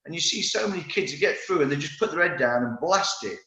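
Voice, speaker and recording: Speaking fast in a slightly high voice, this fifties-aged ex-footballer rambles through his stories as a podcast guest, often restarting mid-thought. The casual interview sounds roomy and a little dull.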